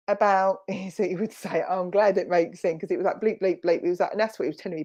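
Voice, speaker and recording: A woman with a Romford accent works as a spiritualist medium during an online church service, heard over a video call. She talks in a chatty, reassuring way, full of fillers and quick self-corrections. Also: mid-range voice, fairly even intonation, a little mellow, dull audio. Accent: Romford, Essex.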